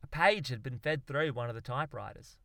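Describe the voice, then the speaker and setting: A man reads a comic story in a dry, wry storytelling manner. His voice is bright and crisp, with an average pitch. The recording sounds dry and close. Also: fairly quick, no room sound. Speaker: narrator. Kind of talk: audiobook narration.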